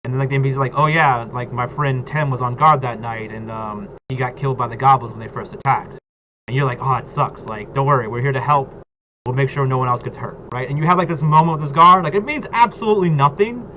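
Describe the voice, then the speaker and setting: A man's voice: mid-range voice, steady tone, fast talker. Rambling man, lo-fi noisy recording. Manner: rambling, fills talk with "like" and "right?". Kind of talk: casual chat about tabletop role-play. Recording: dull lo-fi audio with clear background noise.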